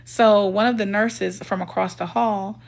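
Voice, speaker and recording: A woman's voice: mid-range voice, fairly even intonation, unhurried, vocal fry. A woman telling a personal storytime in a casual, emphatic and indignant way, voicing the people in her story as she goes. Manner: emphatic, indignant retelling that acts out quoted dialogue. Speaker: storytime vlogger.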